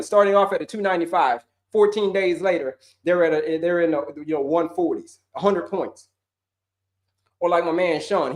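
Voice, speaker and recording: A man hosting a live wellness stream, talking in an energetic, slangy way, repeating his points and acting out viewers' voices. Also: high-pitched. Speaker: wellness coach hosting a livestream.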